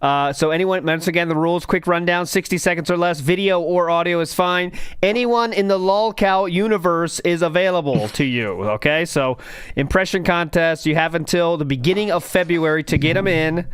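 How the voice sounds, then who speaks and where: Man, podcast host, higher voice, dry recording, casual rambling chat, jokey. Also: normal speed, smooth, no room sound. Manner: rambling, joking, reads chat comments aloud.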